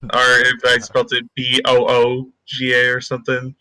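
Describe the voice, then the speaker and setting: Bright-voiced joking podcast co-host. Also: male voice, mid-range voice, monotone, normal speed, dry recording, low-quality recording. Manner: joking, goofy banter. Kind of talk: casual chat.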